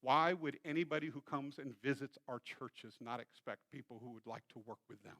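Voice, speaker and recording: A man, a pastor, preaching a sermon in a church and telling a story in an animated way. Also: medium pitch, brisk. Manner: storytelling, acts out quoted voices. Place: church sanctuary.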